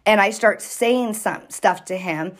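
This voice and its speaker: A woman telling a story in casual chat with friends, animated and profane, acting out what people said. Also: medium pitch, measured pace. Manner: animated, profane, acts out quoted lines. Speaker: storyteller recounting a fight.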